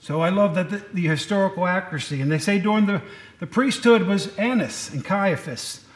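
A man's voice: high-pitched, brisk, roomy sound. A man preaching a conversational sermon, folksy and digressive, often correcting himself mid-sentence, in a church.

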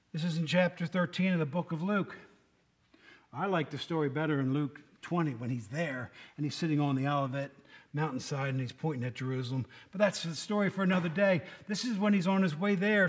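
A man preaching a conversational sermon, folksy and quizzing his listeners by name. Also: sits high. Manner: folksy, asks the congregation questions by name.

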